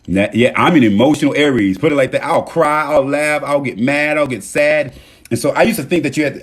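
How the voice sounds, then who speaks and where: A livestream host, a man with a mid-range voice, runs a casual motivational stream, speaking directly to viewers and thanking them. He swings between loud emphasis and soft murmurs.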